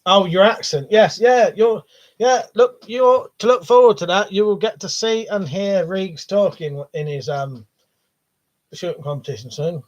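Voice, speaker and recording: Speaking a little slowly in a high voice, this livestream host reads out what viewers comment and chats back in a loose, heavily profane way. The sound is dull lo-fi stream audio.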